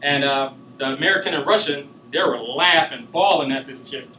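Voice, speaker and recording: A man's voice: mid-range voice, normal speed, sharp tone, reverberant, distant mic, slight background noise, low-quality recording. A man giving a class presentation, talking loosely with many filler sounds. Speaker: student giving a class speech.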